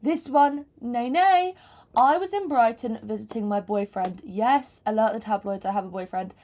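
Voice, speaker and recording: A young woman in her twenties chats to camera from her bedroom floor, her voice sitting a little high. She rambles, mocks herself and swears freely as she talks about a book. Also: normal speed, mellow. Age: 20s. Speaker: book vlogger. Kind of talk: casual chat to camera. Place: bedroom floor, hot room.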